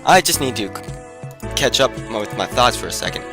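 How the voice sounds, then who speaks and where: A man's voice: medium pitch, lively intonation, normal speed, over music. A man giving rambling game commentary, retelling a story packed with "like" and breaking off to talk about his own play. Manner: rambling, filler-heavy retelling with "like". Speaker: gameplay commentator.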